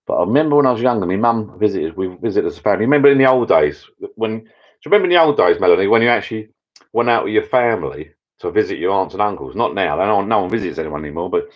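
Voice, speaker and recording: A middle-aged man hosting a casual live chat with viewers from his backyard pub shed, rambling and getting easily excited. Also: fairly low pitch, very fast. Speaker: channel host. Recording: dull lo-fi sound.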